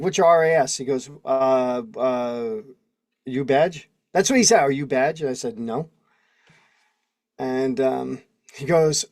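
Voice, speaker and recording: A man in his forties hosts a casual livestream, rambling and laughing while he reads legal text aloud and comments on it. His medium-pitched voice is a little mellow, and though he uses a video call mic, the sound is studio quality with no echo.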